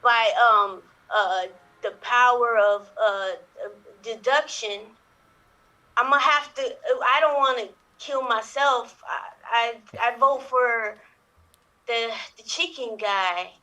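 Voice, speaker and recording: A woman's voice: on the high side, slow pace, bright, forceful tone, rough recording. A woman playing a sleepy, drawling suspect. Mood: hesitant. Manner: hesitant, drawling, many fillers.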